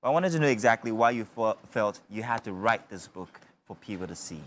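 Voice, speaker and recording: A Nigerian man hosting a TV book review interview, jovial and quick to joke. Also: fairly low pitch, lively intonation. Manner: jovial, joking. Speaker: TV morning show host. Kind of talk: studio interview.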